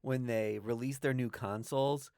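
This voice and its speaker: A man co-hosting a comic book podcast, chatting in a relaxed way and hedging often. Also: mid-range voice, normal speed, no echo, clean studio sound. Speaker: podcast co-host. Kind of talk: casual podcast chat.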